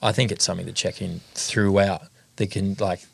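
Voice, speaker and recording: A man hosting a podcast, speaking earnestly with halting restarts. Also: deep voice, steady tone, vocal fry, slightly rough, no room sound. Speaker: podcast host. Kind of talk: casual podcast conversation.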